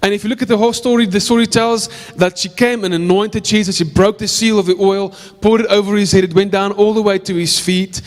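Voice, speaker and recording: A male pastor with a South African English accent preaches in church, earnestly telling a story and repeating phrases to drive them home. His high voice holds a steady tone and moves a little fast with hardly any pauses, trailing a long reverb.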